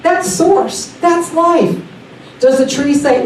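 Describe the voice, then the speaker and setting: A woman giving a sermon at a church service, enthusiastic and animated, with excited exclamations. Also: high voice, slow, a little hiss or hum. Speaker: guest speaker at a church service. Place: large sanctuary during a service. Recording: echoey hall, picked up from a distance.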